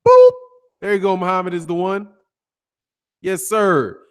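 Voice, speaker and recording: A man's voice: high voice, huge pitch swings, unhurried, clear, resonant tone. A man hosting a casual boxing live stream, reading out viewer names and comments in loose, slangy talk. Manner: loose, slangy, greets chatters one by one.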